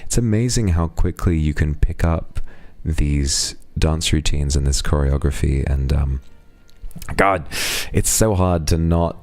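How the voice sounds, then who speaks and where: On a live stream, a man reads out donations, thanking donors casually and chatting with affectionate, playful asides. His voice is very deep and gravelly, a little slow and a little mellow, and the recording is dry.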